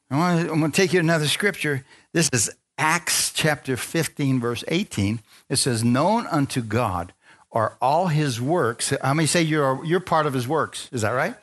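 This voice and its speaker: At a moderate pace, a male pastor leads a call-and-response sermon and keeps asking listeners for amens. His delivery swings from low, confiding asides up to loud, rising exhortation, with jokes at his own expense mixed in.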